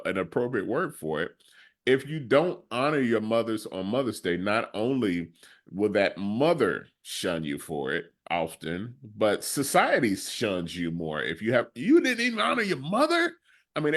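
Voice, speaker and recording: A middle-aged man co-hosting a casual podcast discussion, relaxed and chatty, sometimes acting out what people say. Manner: laid-back, acts out quoted lines in a higher voice. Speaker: co-host.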